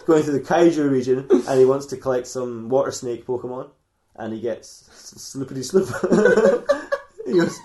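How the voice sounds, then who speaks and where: A man rambles through an improvised comedy story, breaking into laughter and restarting his sentences. His voice sits at an ordinary middle pitch. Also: sing-song, moderate pace, mellow, reverberant, slight background noise. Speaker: podcast host telling an improvised story.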